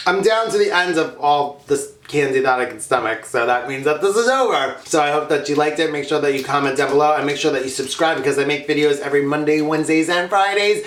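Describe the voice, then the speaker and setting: A man's voice: on the high side, animated, fast, hardly any pauses, a bit bright, roomy sound, slight background noise. Chatty man vlogging with his mouth full. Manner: chatty, laughing, talking while eating candy. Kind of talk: casual mukbang chat.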